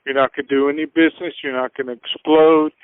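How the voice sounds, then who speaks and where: A man with a fairly high voice gives earnest, casual business advice as a radio guest. His voice comes through thin and boxy like a phone line, with no room echo. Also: steady tone, fast, clear, resonant tone. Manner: earnest, acts out little scenes in voices. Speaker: finance guest. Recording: tinny phone-like dry sound.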